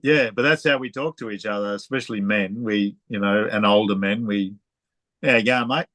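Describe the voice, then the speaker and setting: An Australian man interviewing a guest in a relaxed way, telling stories and laughing often. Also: on the low side, fairly quick, dry recording. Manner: chatty, storytelling, laughs often. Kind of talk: casual conversational interview.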